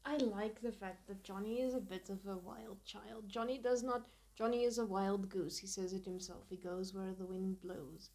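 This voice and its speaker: A woman's voice: mid-range voice, steady tone, moderate pace, few pauses, a little mellow. A woman book editor chats on a podcast with open enthusiasm. She gushes and lingers over the parts she adores, in an easygoing, conversational manner. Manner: gushing and enthusiastic. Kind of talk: casual podcast book chat.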